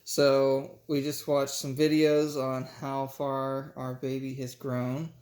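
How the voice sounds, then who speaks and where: A man in his twenties co-hosting a casual vlog, talking in an earnest, low-key way. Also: level tone, takes it slowly, darkish tone. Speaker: vlog co-host.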